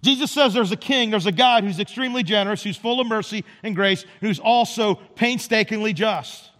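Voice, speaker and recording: Male pastor, emphatic sermon delivery, higher register, long church reverb. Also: brisk, a bit bright. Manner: emphatic, repetitive preaching cadence. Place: church sanctuary.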